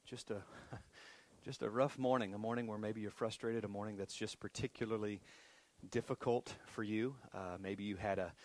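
A man's voice: lowish voice, steady tone, normal speed. A middle-aged man preaching as a pastor, talking casually with many restarts and self-deprecating asides. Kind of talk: sermon. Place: church sanctuary.

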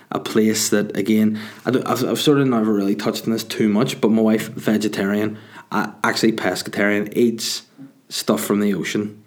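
A man talking on his own into a desk microphone, rambling casually and cracking crude jokes. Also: lowish voice. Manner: crude, joking, rambling with fillers.

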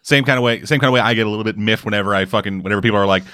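A man co-hosting a podcast, telling a story in casual, profane, animated chat. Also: fairly low pitch, rapid-fire, clear, resonant tone. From Canada. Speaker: podcast co-host.

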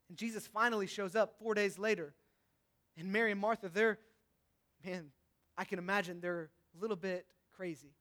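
A young man preaching a sermon, swinging between passionate, louder outbursts and hushed, reflective moments. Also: high voice, fairly even intonation, moderate pace.

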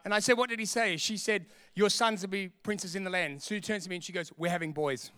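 A man preaching a sermon in an animated way, acting out voices and laughing often. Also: high voice, fast talker, smooth, no room sound. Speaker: pastor.

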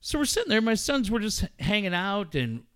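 A man in his forties co-hosting a talk show, telling stories in a casual, animated and profane way. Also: high voice, a little fast, clean tone. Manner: animated, profane storyteller acting out his own reactions. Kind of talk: casual chat.

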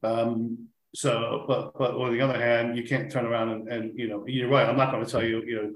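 On a podcast, a football club manager appears as a guest, his mid-range voice flat and fairly quick. His throat gives him trouble, so he struggles to speak and rambles with lots of restarts. The room is echoey and the audio poor.

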